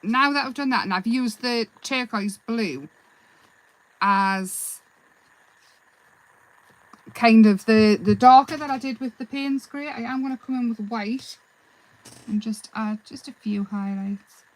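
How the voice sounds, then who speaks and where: A woman with a slightly high voice hosts a live craft session. She chats casually and rambles a little, breaking off to answer viewers' comments. Her tone stays relaxed and self-deprecating. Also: slow pace, pauses often, low-quality recording. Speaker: craft livestream host. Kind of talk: live craft demonstration and chat.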